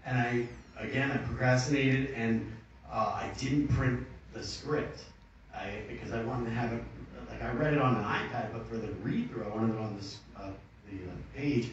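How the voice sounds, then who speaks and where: A man's voice: medium pitch, normal speed, a little hiss or hum. Joking man on a cinema panel. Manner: jokey, rambling anecdotes. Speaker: actor on a Q&A panel. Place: cinema auditorium. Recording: echoey muffled hall audio from far off.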